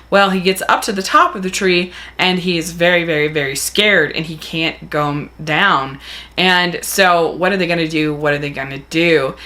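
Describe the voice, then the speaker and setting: Enthusiastic woman reviewer with a bright, forceful voice that sits a little low; casual and gushing, given to repeating herself. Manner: gushing and enthusiastic, retelling with repetitions. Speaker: film reviewer.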